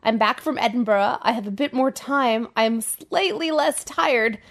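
A woman's voice: on the high side, a little slow, fairly bright tone. A woman hosting a podcast, chatting casually with her mother and teasing her playfully. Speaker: podcast host. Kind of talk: casual chat.

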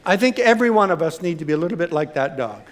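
A male preacher giving a sermon, emphatic and animated, telling humorous stories and repeating phrases. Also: a little high, rapid-fire, some chatter behind.

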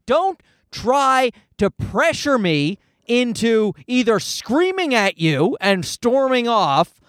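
High, lively-voiced man ranting. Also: slow pace, clear, resonant tone, dry recording, studio quality. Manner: animated, profane, worked-up ranting. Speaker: podcast host. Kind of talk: casual solo rant.

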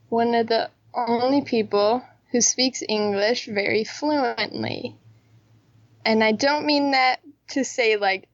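This podcast co-host chats casually while reviewing a TV drama, candid, joking and heavy on slang. Her voice sits fairly high, with no echo and the highs cut off.

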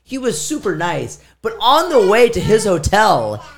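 Man, podcast co-host, casual chat, animated, lively pitch, acts out quoted voices. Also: unhurried, gravelly.

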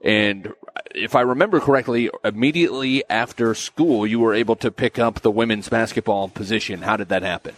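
A man's voice: lowish voice, fairly quick. A man hosting an interview, asking curious, casual questions. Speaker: podcast host. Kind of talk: conversational interview.

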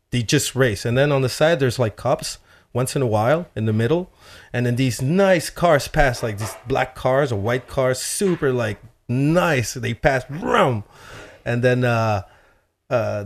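A man telling a story in a casual chat, animated and swearing freely, with lots of "like". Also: mid-range voice. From Chile. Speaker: guest telling a travel story.

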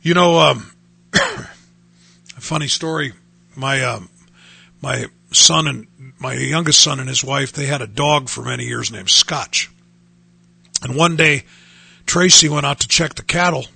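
Gravelly preacher guy on a radio show, bright edgy voice, quotes old bible verses. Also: medium pitch, measured pace, pauses often, no room sound. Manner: earnest preaching, quoting scripture in old-fashioned wording. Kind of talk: radio sermon.

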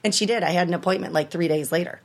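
A woman's voice: on the low side, very fast. A woman in her thirties, an interview guest, telling a personal story candidly and with emotion, laughing at times.

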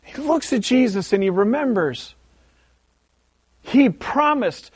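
A man's voice: extremely high pitch, very animated, takes it slowly, pauses often, darkish tone, slightly rough, dry recording. A man preaching a sermon as pastor, telling a story with animation and repeating words for emphasis.

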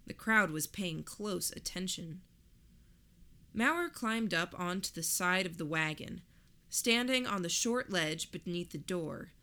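A woman reading a first-person story aloud in a measured, reflective way. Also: lowish voice, expressive, bright, forceful tone. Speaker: narrator. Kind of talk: first-person audiobook narration.

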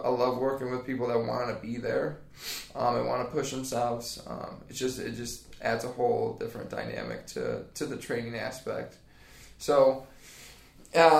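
A man's voice: mid-range voice, gravelly, roomy sound. A man in his thirties from Indiana, a personal trainer chatting as a podcast guest in a rambling, laid-back way with lots of fillers. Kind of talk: casual interview chat.

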